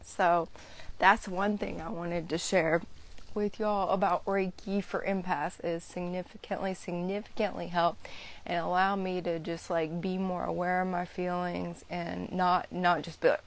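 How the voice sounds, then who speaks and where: A woman's voice: on the low side, flat delivery, measured pace, gravelly. A young woman chatting casually to viewers about energy healing, rambling with lots of "you know" and "like". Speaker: Reiki practitioner hosting a live stream. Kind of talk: casual spiritual chat to viewers.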